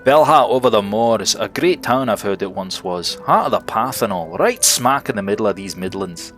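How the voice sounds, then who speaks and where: A man's voice: fairly low pitch, animated, normal speed, fairly bright tone, faint music behind. A man voicing a chatty old bug innkeeper, folksy and rustic. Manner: rustic, homely dialect with aye and ain't.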